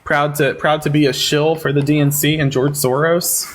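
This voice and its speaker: A man's voice: on the high side, level tone, moderate pace. A man hosting a live-stream debate, sarcastic and taunting with callers, thanking viewers in casual chat. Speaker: livestream debate host.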